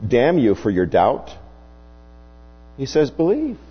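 A man preaching a sermon, slow and emphatic, his voice rising and falling widely as he stresses points. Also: very animated, slightly rough, soft background music. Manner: slow, emphatic preaching with wide swings in pitch. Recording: dull, hummy recording with long reverb.

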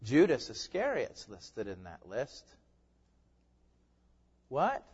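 A man's voice: mid-range voice, wildly swooping pitch, slow, darkish tone, slightly rough. A man preaching a sermon, emphatic and building to fervent peaks. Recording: muffled sound with long hall reverb.

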